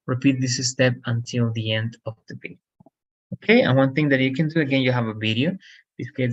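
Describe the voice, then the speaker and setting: A man's voice: mid-range voice, fairly bright tone, muffled recording. Native Spanish-speaking man as online English teacher, explanatory, keeps checking in with learners. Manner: explanatory, frequent "right?" checks, self-corrections.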